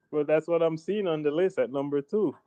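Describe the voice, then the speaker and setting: Jamaican man, debater, insistent and pushy, warm dark tone, dead-dry mic. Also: fairly high pitch, smooth, no room sound. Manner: insistent, talks over others. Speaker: debate participant. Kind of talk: heated debate.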